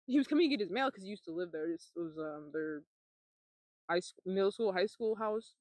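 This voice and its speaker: A young woman shares a personal testimony on her vlog, in a loose, halting ramble full of fillers and casual swearing. Her voice sits at an ordinary middle pitch. The sound is dry and close. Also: lively intonation, no room sound. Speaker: vlogger.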